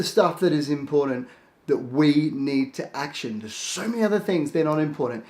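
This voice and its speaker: Energetic coach in an echoey room. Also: male voice, a little high. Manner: lively, acts out his own thoughts in quick asides. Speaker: productivity coach. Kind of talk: casual instructional talk to camera.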